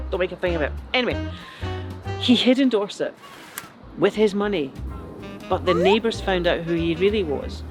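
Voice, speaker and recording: A man's voice: sits high, a bit bright. A man narrating a comic history story with playful, chatty asides to the listener. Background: music.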